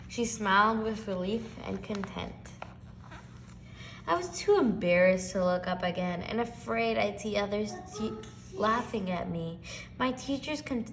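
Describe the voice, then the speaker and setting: A female reader reading a children's picture book aloud with expressive, varied delivery. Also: medium pitch, unhurried, creaky, a little hiss or hum.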